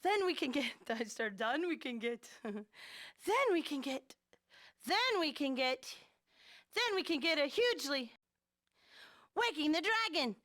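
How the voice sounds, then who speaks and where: A woman's voice: high voice, big pitch swings, unhurried, long pauses, a bit bright, exaggerated voice. A woman reading an eager young adventurer. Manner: stumbling, restarting line reading. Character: eager young man urging his friend to adventure. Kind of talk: reading game dialogue aloud on stream.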